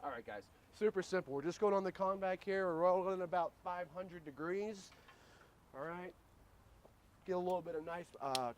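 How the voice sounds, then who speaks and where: A man with a high voice hosts a casual outdoor grill cooking demo, joking around and addressing viewers as "guys." The recording has a little hiss or hum.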